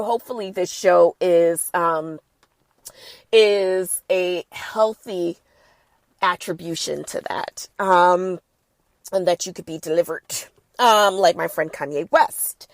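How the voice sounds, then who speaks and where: A woman hosting a casual podcast, sassy and animated, talking while she has a cold. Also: mid-range voice, dry recording. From the Bronx. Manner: sassy, animated, playful asides. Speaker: podcast host. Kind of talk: casual chat.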